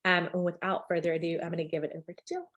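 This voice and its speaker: A woman's voice: fairly low pitch, level tone, very fast, fairly bright tone, dull audio. A woman hosting a video call, chatty and enthusiastic, with lots of filler words. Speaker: meeting host.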